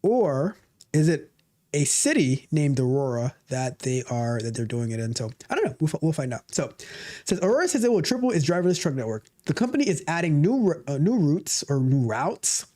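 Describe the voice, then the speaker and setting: A man's voice: fairly high pitch, very animated, fairly quick, warm tone. A man hosting a tech livestream, reading a news article aloud in a casual way, repeating himself and grumbling at the web page. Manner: talks to himself, grumbles at the website, repeats words. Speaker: livestream host. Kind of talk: casual live commentary while reading an article.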